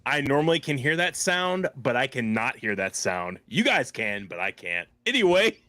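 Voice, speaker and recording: A man's voice: mid-range voice, very animated, moderate pace, pushed and bright, no echo. A man co-hosting a podcast in casual chat, easygoing and laughing things off. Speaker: podcast co-host.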